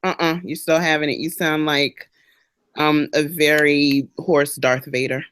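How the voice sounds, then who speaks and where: A woman's voice: deep voice, little pitch movement, measured pace, fairly bright tone, slight background noise. A woman co-hosting a podcast, chatty and joking, talking expressively. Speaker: podcast co-host. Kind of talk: casual chat.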